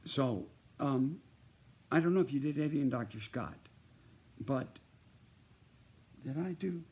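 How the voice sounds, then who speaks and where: A man's voice: medium pitch, lively intonation, a little slow, darkish tone, slightly rough. An older man telling a rambling personal anecdote to one listener in a casual birthday message, jumping from one story to the next. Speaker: performer sending a birthday message.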